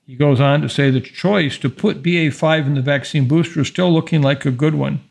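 A man hosting an infectious-disease podcast, giving a measured, emphatic monologue and reading passages from an article aloud. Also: on the high side, creaky, a little mellow, breathy edge.

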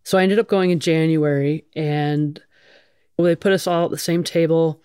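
A woman's voice: low voice, steady tone, normal speed, mellow, clear, resonant tone, no room sound, clean studio sound. A middle-aged woman firefighter telling her own story in a blunt, casual way, swearing freely and using many fillers. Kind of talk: candid conversational storytelling.

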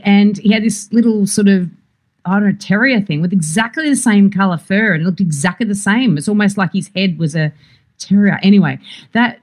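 An Australian woman co-hosting a podcast in casual chat, rambling through anecdotes and laughing often. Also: mid-range voice. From Sydney, Australia. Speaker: podcast co-host.

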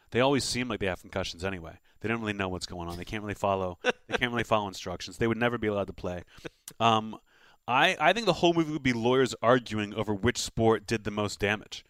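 A man's voice: mid-range voice, a bit bright, no room sound. A man co-hosting a podcast, riffing in rambling comedic chat. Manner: rambling, joking riffs. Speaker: podcast co-host.

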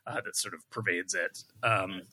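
A man's voice: low voice, steady tone, normal speed, bright, forceful tone, slightly rough. A man co-hosting a TV review podcast in casual chat, easygoing and a little hesitant, with many fillers. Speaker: podcast co-host.

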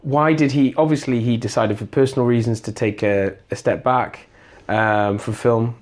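A man's voice: medium pitch, fairly even intonation. Man bantering about a film. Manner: quick, laughing banter. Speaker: podcast co-host. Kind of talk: casual film-review chat.

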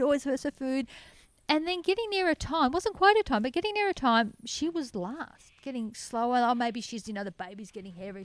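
An Australian woman, a guest in a casual interview, telling animated stories and laughing often. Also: a little high, no echo. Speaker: sanctuary founder, guest.

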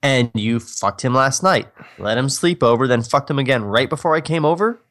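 A man's voice: medium pitch, expressive, normal speed, fairly bright tone, natural voice. Man reading a furious jealous young boyfriend. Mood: bitter accusing. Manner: angry, cursing, confrontational.

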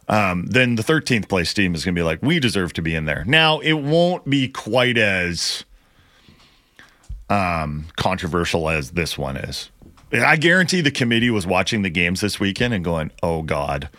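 A man's voice: low voice, very animated, moderate pace, sharp tone, no room sound. A man co-hosting a sports radio show, casual and matter-of-fact as he pushes back on his partner. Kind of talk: sports talk debate.

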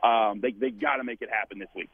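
A man giving football predictions as a guest, talking fast and repeating himself for emphasis. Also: on the low side, steady tone, gravelly, breathy edge, dry recording. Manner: quick, repeats words when making a point. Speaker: guest analyst. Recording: phone-line call-in.

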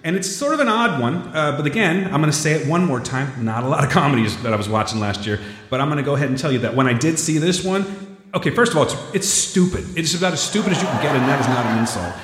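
A man's voice: fairly high pitch, lively intonation, fast, fairly bright tone, roomy sound, long reverb tail. A man co-hosting a podcast, chatting casually and joking about his movie award picks. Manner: joking, self-mocking banter. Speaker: podcast co-host.

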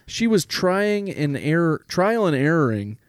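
Animated man telling a crude funny story. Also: fairly high pitch, a little slow, no echo, studio quality. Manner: rambling, swears often, lively anecdotes. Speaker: podcast co-host. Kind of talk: casual comedic storytelling.

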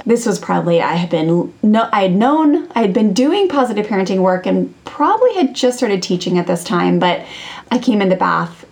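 A woman in her thirties, a podcast host and parenting coach, telling a personal story in a chatty way, with many fillers and restarts. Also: fairly low pitch. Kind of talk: casual storytelling monologue.

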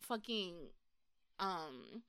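A woman's voice: on the low side, big pitch swings, very slow, sharp tone, clear, resonant tone, no room sound, studio quality. A woman, a podcast guest chatting casually, frank and profane, telling stories with animation. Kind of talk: casual chat.

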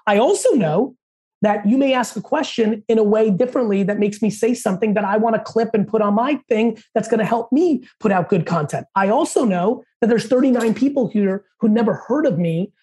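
A man as a podcast guest, telling stories in a fast, profane, high-energy way. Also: dark tone, breathy edge. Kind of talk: casual interview storytelling.

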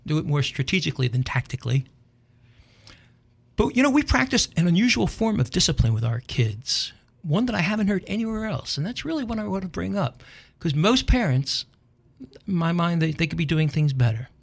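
A middle-aged man and radio host giving a humorous monologue, telling dry, deadpan stories with wry punchlines. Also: on the high side, brisk, gravelly, breathy edge.

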